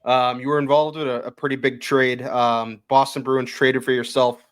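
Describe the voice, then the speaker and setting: A man's voice: medium pitch, level tone, normal speed, clean tone. A man hosts a casual hockey podcast in an ordinary mid-range voice. He asks his questions in a chatty, rambling way, stacking up fillers and restarts as he goes. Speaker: podcast host.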